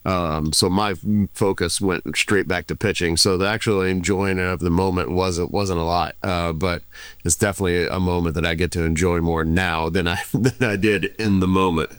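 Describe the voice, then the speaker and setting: A man in his forties, a former baseball pitcher, answering interview questions in a laid-back, reflective way with frequent restarts. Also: fairly even intonation, moderate pace, clean tone, no room sound. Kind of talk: casual interview.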